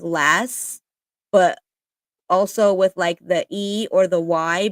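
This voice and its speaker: A woman's voice: lowish voice, no room sound. A woman chatting casually and reading aloud, with lots of fillers and casual swearing. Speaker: spiritual content creator.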